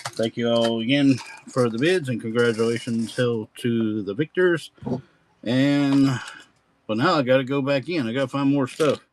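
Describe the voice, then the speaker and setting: A man's voice: medium pitch, slight background noise, low-quality recording. A man hosting a live-stream coin auction with folksy, rambling auctioneer patter.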